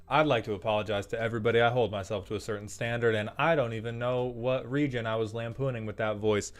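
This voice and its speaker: A man's voice: medium pitch, steady tone, fast, few pauses. A man hosting a casual commentary video, reviewing viewer decks in a profane, exasperated rant. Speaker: host roasting viewer decks.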